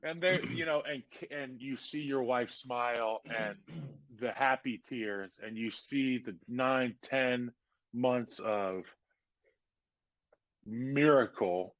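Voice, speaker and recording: A man in his thirties, a podcast guest, telling a personal story in a casual, animated way with lots of fillers. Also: on the low side, dry recording. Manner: animated, lots of "like" and "you know". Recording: dull lo-fi podcast audio.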